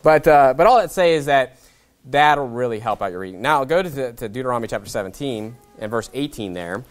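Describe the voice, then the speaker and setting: A man's voice: animated, a little fast. A man, a pastor, preaching a sermon in a conversational way, often checking in with "okay?". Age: young adult to middle-aged. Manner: conversational preaching, wide swings in pitch and loudness, frequent "okay?".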